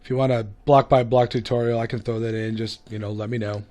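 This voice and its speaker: A man's voice: mid-range voice, flat delivery, fast talker, warm tone. A man hosting a gaming video, giving casual gameplay commentary in a chatty, self-mocking way. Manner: chatty, self-mocking, hums and laughs to himself.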